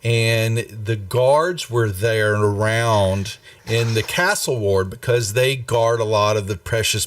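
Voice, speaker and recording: A man running a tabletop game as game master, narrating in an unhurried, rambling way with many fillers. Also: fairly low pitch, no room sound, distant mic.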